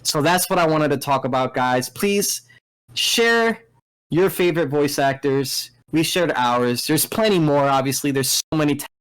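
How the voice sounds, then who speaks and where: A man hosting a casual gaming podcast, talking excitedly and rambling with restarts, with a mellow voice. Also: fairly high pitch, normal speed, clear, resonant tone, rough recording. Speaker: podcast host. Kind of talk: casual chat.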